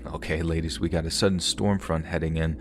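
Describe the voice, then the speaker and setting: A man voicing a brusque male tour guide's words in a quieter, matter-of-fact tone while narrating a story. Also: extremely low pitch, steady tone, brisk, noisy background.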